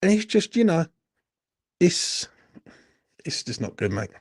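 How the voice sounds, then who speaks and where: A man's voice: on the high side, big pitch swings, unhurried, a little mellow, breathy edge. A young man hosting a late-night football Q&A, blunt and sweary, a little tipsy as he answers chat comments. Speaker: football channel host.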